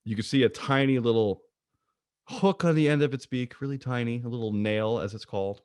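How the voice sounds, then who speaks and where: A man presenting an online slide lecture about birds, playful and jokey, with wide swings in pitch. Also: a little fast, darkish tone, clean tone, dry recording, clean studio sound. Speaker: guest presenter of a bird talk.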